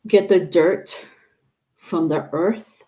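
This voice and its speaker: A woman's voice: fairly low pitch, very slow, mellow. A woman giving a casual tarot reading to her viewers, chatty and instructive, with many fillers and restarts. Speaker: tarot reader.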